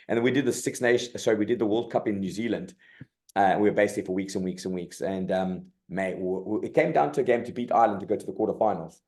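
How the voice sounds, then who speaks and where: A middle-aged rugby coach from South Africa, chatting in a loose, colloquial way and peppering his stories with "mate" and "like". His voice sits low and sounds mellow and dark. He talks with animated energy. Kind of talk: casual interview storytelling.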